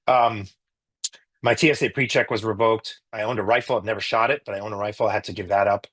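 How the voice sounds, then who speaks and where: A man's voice: on the low side, steady tone, fast, a bit bright, slightly rough. A middle-aged man, an emergency physician, giving an emotional personal account in an interview, earnest, with frequent restarts and rising indignation.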